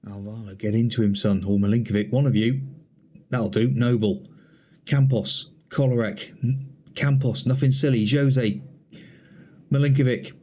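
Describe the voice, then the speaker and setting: A man's voice: medium pitch, fairly even intonation, normal speed, pauses often, warm tone. A man playing a football management game, commenting on the matches in chatty mock broadcast style and talking to an imaginary co-commentator. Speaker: gaming channel host.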